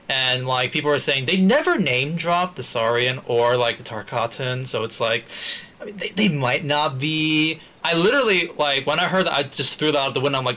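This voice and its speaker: Bright-voiced man chatting about games. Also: medium pitch. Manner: rambling, quick bursts, laughs a lot. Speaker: podcast guest. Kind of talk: casual gaming chat.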